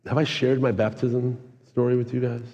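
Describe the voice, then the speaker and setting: A man in his forties preaching a sermon, telling a personal story with energetic, earnest, excitable delivery. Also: mid-range voice, normal speed, dull audio. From California. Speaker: pastor. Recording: long hall reverb.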